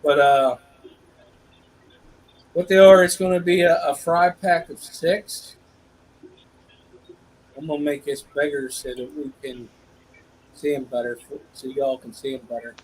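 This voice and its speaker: A man with a slightly high voice runs a live stream in a relaxed, chatty way and speaks straight to the people watching. A faint hiss sits under his voice. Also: a little slow, pauses often, low-quality recording. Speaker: auction host. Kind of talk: casual live-stream chat.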